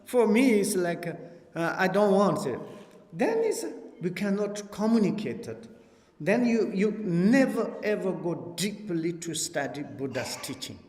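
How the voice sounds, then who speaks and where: High-voiced man teaching in an echoing hall. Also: unhurried. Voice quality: non-native broken English. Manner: lively, laughing, acts out dialogues. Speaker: Buddhist teacher. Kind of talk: dharma teaching at a retreat. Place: retreat hall. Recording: echoey hall, long reverb.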